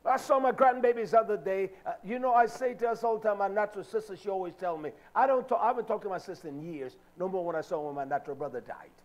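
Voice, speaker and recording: An older man preaching a sermon, animated and acting out the voices of people he quotes. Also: sits high, fast talker, hardly any pauses.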